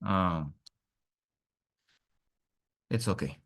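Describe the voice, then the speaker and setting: A man's voice: sits low, drawn-out words, a bit bright. A man teaching an online English lesson, encouraging and repeating words with frequent praise. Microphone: computer mic on a video call.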